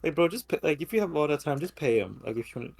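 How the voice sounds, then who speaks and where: A man co-hosting a casual podcast, reacting to stories with relaxed jokes. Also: on the high side, racing, creaky. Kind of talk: casual chat.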